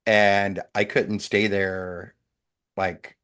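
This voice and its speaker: A man's voice: on the low side, flat delivery, very slow, fairly bright tone, clean tone. A man who is a regular on a casual podcast, telling stories in a rambling way full of "like". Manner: rambling storyteller, many "like"s. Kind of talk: casual chat.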